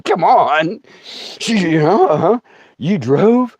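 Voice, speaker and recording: A man's voice: on the high side, sing-song, slow pace, breathy edge, no room sound, highs cut off. A middle-aged man telling a comic story on a livestream, stammering, laughing often and putting on voices. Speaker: comedian. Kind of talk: storytelling stand-up.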